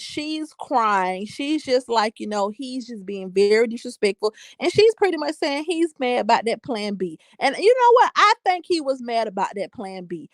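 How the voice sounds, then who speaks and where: Sassy young woman, bright voice, dry sound. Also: fairly high pitch, dry recording. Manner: animated, sassy, emphatic. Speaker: livestream host reading comments. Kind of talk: casual commentary chat.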